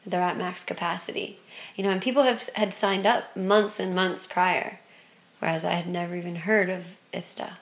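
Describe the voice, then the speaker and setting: A woman telling a personal spiritual story in an expressive way, moving from excited loudness to hushed softness. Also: on the low side, normal speed.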